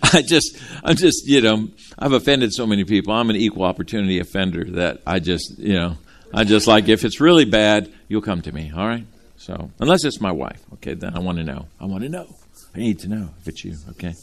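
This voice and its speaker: A man preaching a sermon from Ohio, animated and folksy, calling out to his congregation. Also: lowish voice, brisk, gravelly. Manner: animated, talks straight to the congregation with folksy asides. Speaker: pastor.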